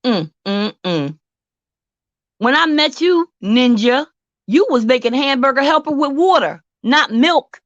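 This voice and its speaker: A woman hosts a casual live stream and talks back to her chat in a sassy, drawn-out way. She speaks at a slow, unhurried pace. The sound is dry and a little dull. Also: sits high, lively intonation, no echo. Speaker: host.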